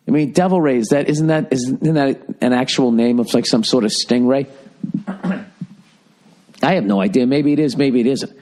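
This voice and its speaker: A man's voice: medium pitch, moderate pace, darkish tone. A middle-aged man hosting a podcast, riffing in a profane, sarcastic, rambling monologue. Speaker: podcast host.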